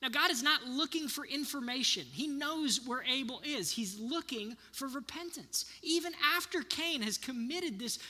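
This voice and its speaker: A man's voice: very high voice, pushed and bright, long reverb tail. A man in his thirties giving an earnest sermon, often putting questions to his listeners. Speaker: pastor.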